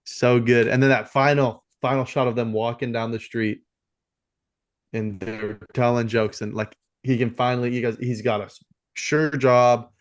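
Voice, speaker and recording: A man's voice: medium pitch, flat delivery, normal speed. A man co-hosting a film podcast, talking casually and rambling with many fillers and restarts. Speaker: podcast co-host.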